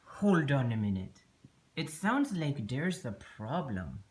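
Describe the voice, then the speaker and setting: A woman voicing a gentle, patient female unicorn who hosts a kids show and teaches in a slow, soothing way. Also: rumbling low, big pitch swings, breathy edge, heavily acted. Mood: calm. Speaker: host.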